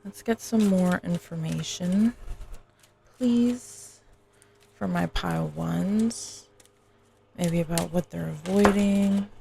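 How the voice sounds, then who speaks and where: A woman's voice: lowish voice, slow pace, creaky, long pauses, mellow. A woman giving a casual, chatty tarot reading to her viewers, full of fillers and the odd swear word. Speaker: tarot reader.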